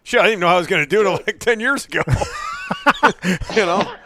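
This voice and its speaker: A man's voice: high voice, fast talker, dry recording. A man as a guest in a casual, profane chat, rowdy and often laughing. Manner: rowdy, laughs a lot, loud outbursts.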